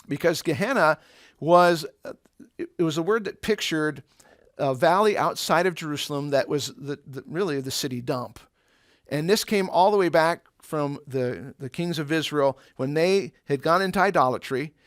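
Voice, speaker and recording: A man's voice: a little high, dry recording, clean studio sound. A man teaching an eighth-grade Bible lesson in a conversational way, explaining with everyday examples and asking rhetorical questions.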